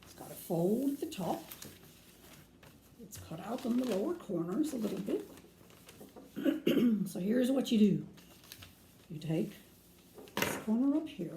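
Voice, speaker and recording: Woman, children's librarian, pirate persona, corny jokes, slow delivery, distant mic, faint background noise. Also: medium pitch, gravelly, dark tone, reverberant. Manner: hammy pirate talk, corny jokes, step-by-step instructions. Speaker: children's librarian hosting a craft program. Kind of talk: children's craft lesson in a playful pirate persona.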